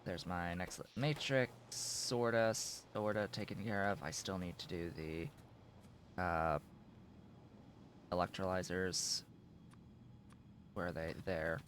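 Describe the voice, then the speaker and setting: A man's voice: low voice, steady tone, slow, pauses often, a bit bright, a little hiss or hum. A man streaming a factory-building game, mumbling casual commentary to himself while his voice is going. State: losing his voice.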